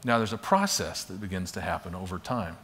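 A man's voice: low voice, a little fast, a bit bright, husky. A man teaching a class by telling a parable in a conversational storytelling manner. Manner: conversational storyteller, acts out quotes. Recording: long hall reverb.

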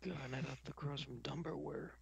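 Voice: mid-range voice, steady tone, moderate pace, vocal fry, a loud crowd. A co-host on a casual film podcast who cuts in with wry, joking remarks.

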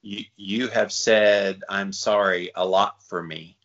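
A man's voice: on the low side, fairly even intonation, slow, fairly bright tone, lo-fi sound. A man co-hosting a podcast, talking in an upbeat, casual way and summing things up for listeners. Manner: upbeat, wraps up topics for listeners. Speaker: podcast co-host.

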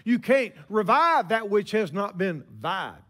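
A man in his sixties preaching a sermon, telling stories with emphatic pauses. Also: high-pitched, lively intonation, a bit bright.

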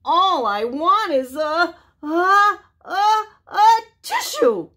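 A woman's voice: extremely high pitch, very animated, extremely slow, bright, forceful tone, pitched above the performer's own voice, full character voice. A woman voicing a polite, sniffling male wolf with a cold in a storybook read-aloud, stammering as he pleads. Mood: sniffly.

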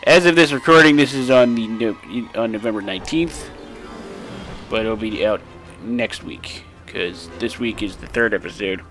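His voice on the low side and his speed normal, a young man casually talks through his game as a let's play host. Expect excitement, swearing, and lots of laughing, recorded on a desk mic with soft music in the background.

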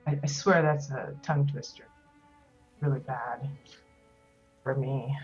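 A woman's voice: extremely low pitch, lively intonation, a little slow, long pauses, muffled recording, soft background music. A woman hosting a casual video tour of player-built homes in a game, talking loosely with lots of ums and restarts. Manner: rambling, many ums and restarts. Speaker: host touring player houses in a game.

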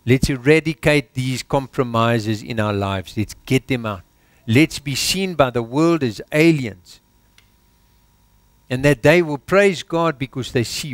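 South African man, pastor, sermon, rhetorical questions, low emphatic drops, dry recording. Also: a little slow, dry recording. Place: church.

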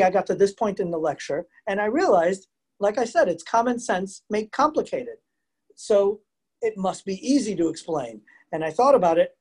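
Male museum educator, chatty and animated, live virtual lecture on a video call. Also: high-pitched. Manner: chatty, animated, asks the audience questions. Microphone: computer mic on a video call.

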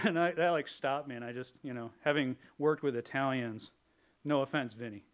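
A man's voice: mid-range voice, moderate pace. A male pastor giving a conversational, joking sermon, now and then slipping into playful character voices. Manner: conversational, jokey, drops into put-on voices.

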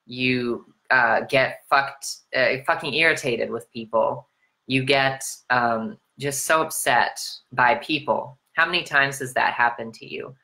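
An American spiritual self-love coach delivers a motivational sermon in an unhurried, pushed and bright voice. She's preachy, piling up repeated rhetorical questions, swearing freely, and swinging widely in pitch.

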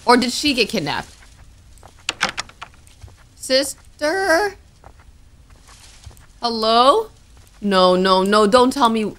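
A woman's voice: a little high, big pitch swings, very slow, long pauses, noisy background. A woman streamer playing a horror game, talking to herself in nervous, jumpy commentary. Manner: jumpy, talks to herself, scared exclamations. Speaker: gaming streamer. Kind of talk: let's play commentary.

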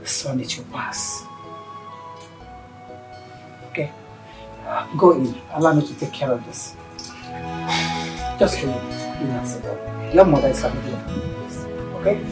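An actress playing a strong-willed mother who is planning her son's wedding and is firm and quick to scold. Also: a bass voice, music in the background. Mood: soothing. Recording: echoey room, mic at a distance.

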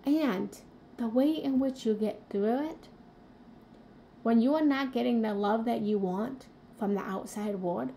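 Earnest woman with a gravelly edge. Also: fairly high pitch, measured pace, warm tone, slight background noise. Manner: earnest, confessional, addresses viewers directly. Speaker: spiritual coach hosting a live stream. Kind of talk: live motivational talk.

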